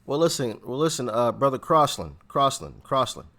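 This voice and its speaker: A man hosting a reaction channel, commenting on clips in an excitable, teasing way. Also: mid-range voice, moderate pace.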